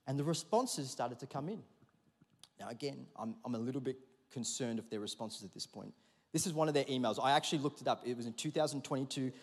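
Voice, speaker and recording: A man preaching a sermon in a church, telling a story in a lively, conversational way and calling for responses from the congregation. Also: fairly high pitch, brisk. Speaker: pastor. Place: large church auditorium. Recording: long hall reverb.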